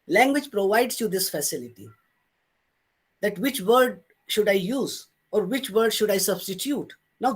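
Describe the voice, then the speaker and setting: Male lecturer explaining step by step. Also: high voice. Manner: explains step by step, repeats points for emphasis. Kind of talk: academic webinar lecture.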